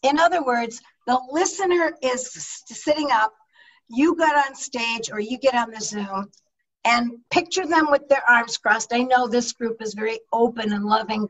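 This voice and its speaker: A middle-aged woman, a public speaking coach, teaching an online leadership talk with energetic, emphatic delivery over a video call microphone. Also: on the high side, moderate pace, far from the mic, low-quality recording.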